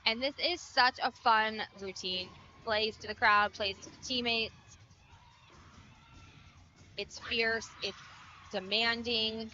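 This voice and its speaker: A woman's voice: on the high side, steady tone, slow pace, long pauses, pushed and bright, soft background music. A woman giving color commentary on a gymnastics meet, enthusiastic and chatty, with a muffled broadcast sound. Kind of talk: sports commentary.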